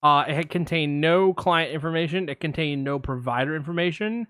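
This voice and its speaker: A man co-hosting a podcast, telling a story in a casual, animated way with lots of fillers. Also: a little high, a little fast, smooth, dry recording, studio quality. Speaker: podcast co-host. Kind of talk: casual chat.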